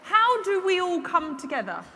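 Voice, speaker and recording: A woman's voice: very high-pitched, big pitch swings, normal speed, bright, forceful tone. A woman hosting a live podcast interview, teasing and direct as she steers the talk. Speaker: podcast host. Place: large church hall before a live audience. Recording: echoey hall with audible audience noise.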